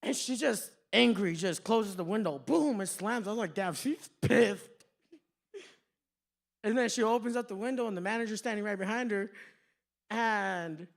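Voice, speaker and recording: A man's voice: high voice, a little fast, gravelly. A man doing stand-up in a comedy club, telling rambling, profane stories. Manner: profane, rambling, slips into quoted voices. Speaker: stand-up comic. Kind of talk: stand-up storytelling.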